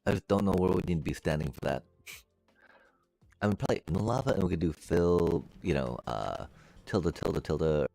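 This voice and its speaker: A man streaming a building game, musing aloud to his chat in a relaxed way and making playful beep-boop noises as he works. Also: low voice, a little fast, vocal fry, dry recording, soft background music. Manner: chatty, musing aloud, makes beep-boop sound effects. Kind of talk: casual gameplay commentary to live chat.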